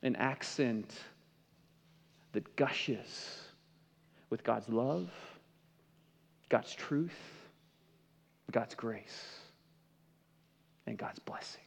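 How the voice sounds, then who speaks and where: A man preaching a sermon as pastor, swinging between impassioned emphasis and hushed, softened passages. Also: mid-range voice, animated, extremely slow, vocal fry, pauses often, breathy edge. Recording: dull sound with long hall reverb.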